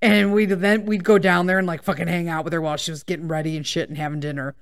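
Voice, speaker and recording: A woman's voice: lowish voice, little pitch movement, fast talker. Woman telling a rambling, swear-filled story. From Chicago area, USA. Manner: swears a lot, rambling tangents, keeps checking in with "okay?" and "right?". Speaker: podcast host. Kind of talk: casual personal storytelling.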